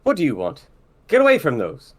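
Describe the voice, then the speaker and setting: A man's voice: a little high, wildly swooping pitch, brisk. A man reading as a cold, driven mad scientist. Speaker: podcast co-host. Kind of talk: reading movie dialogue aloud.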